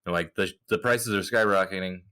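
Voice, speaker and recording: A man co-hosting a casual hobby podcast, talking in an animated, joking, opinionated way. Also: sits low, a little fast, clean tone. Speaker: podcast co-host.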